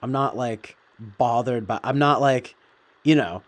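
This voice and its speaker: Casual man riffing off the cuff, plenty of cursing and filler, mid-pitched voice. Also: measured pace. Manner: profane, meandering, filler-heavy. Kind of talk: casual rambling commentary.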